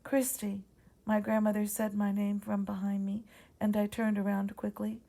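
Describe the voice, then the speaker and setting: A woman with a Southern accent reading her own ghost story aloud in a quiet, measured way. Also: mid-range voice, completely flat delivery, creaky.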